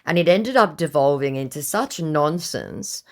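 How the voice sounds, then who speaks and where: Speaking at a measured pace in a deep, expressive voice, a woman vlogger recounts scam-bait chats to camera. It's casual storytelling, blunt, sarcastic, and exasperated, from someone tired from the heat.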